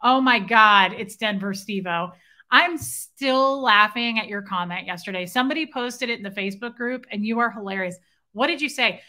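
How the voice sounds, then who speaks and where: A woman's voice: medium pitch, normal speed, bright, forceful tone. A young woman hosting a casual livestream, chatting playfully and reading viewer comments aloud, now and then breaking into a snatch of song. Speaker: livestream host.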